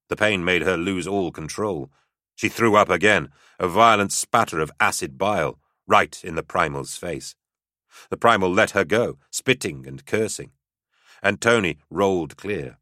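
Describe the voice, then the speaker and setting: A man with a very deep voice narrates an audiobook in a steady, dramatic manner. His tone is forceful and firm. The recording is dry and close. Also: no echo.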